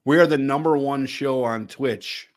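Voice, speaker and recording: A man of ordinary pitch co-hosting a stream with a joking tone. He stumbles and restarts his sentences, laughing often as he talks. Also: a little slow. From Connecticut. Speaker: co-host of a political stream. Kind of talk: casual political chat.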